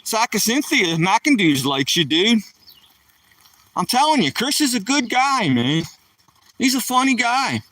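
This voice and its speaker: A man's voice: very high-pitched, very animated, measured pace, long pauses, bright, forceful tone, dry recording. Chatty joking man on a live stream. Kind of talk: casual live stream chat. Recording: voice somewhat far from the mic.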